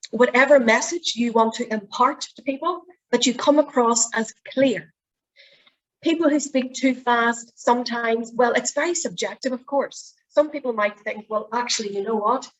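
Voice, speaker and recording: At normal speed and a fairly high pitch, a middle-aged woman with a Northern Irish accent teaches an online presentation skills workshop. The audio is poor. She talks in a chatty, explanatory style, demonstrating voice habits along the way.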